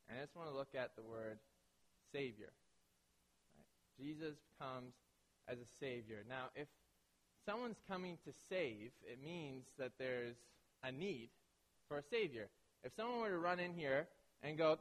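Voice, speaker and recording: A male pastor with a fairly high voice delivers a sermon, telling animated stories and briefly acting out the people in them. His voice rings with the long reverb of a large hall. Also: normal speed. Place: large hall with an audience of about a hundred.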